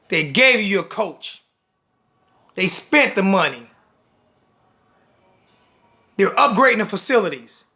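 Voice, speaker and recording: A man's voice: sits high, sharp tone. A man with a blunt, scolding manner, ranting to the camera as a sports fan vlogger.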